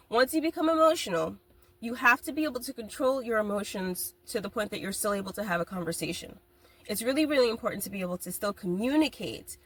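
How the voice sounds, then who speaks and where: A woman's voice: mid-range voice, breathy edge. Candid, laughing woman podcast host. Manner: candid, animated storytelling with frequent laughs and swearing. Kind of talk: casual podcast monologue.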